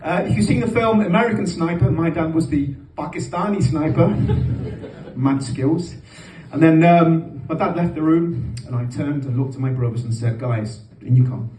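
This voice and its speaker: Brief: male comic telling stories on stage, fairly high voice, roomy live sound with faint noise. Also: normal speed. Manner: lively storytelling with animated asides. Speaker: stand-up comedian. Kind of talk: stand-up comedy. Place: comedy venue stage. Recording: echoey live venue from far off.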